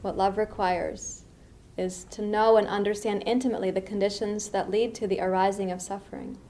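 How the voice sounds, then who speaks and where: Middle-aged woman from the US East Coast, meditation teacher giving a dharma talk; unhurried and reflective, mid-range voice, lively asides. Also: mid-range voice.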